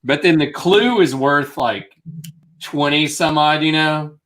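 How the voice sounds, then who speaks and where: A man's voice: on the high side, takes it slowly, a bit bright. A man co-hosting a casual live stream, chatty and rambling. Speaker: co-host of a reseller live show.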